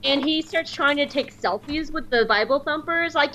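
A woman in casual podcast chat, telling animated stories and jumping up high when she mimics other people. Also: moderate pace, lo-fi sound, slight background noise. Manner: animated storyteller, mimics voices with high squeals.

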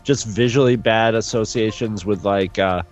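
A man co-hosting a podcast, chatting casually in a hesitant, halting way. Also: on the low side, steady tone, faint music behind. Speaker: podcast co-host. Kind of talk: casual chat.

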